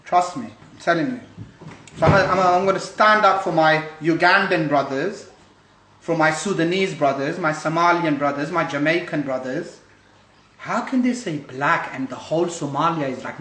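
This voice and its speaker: A man rants through a livestream monologue into his phone. He is angry and profane and repeats himself. His voice sits a little high, and the room around him rings with echo. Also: fairly bright tone, slight background noise. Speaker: livestream host.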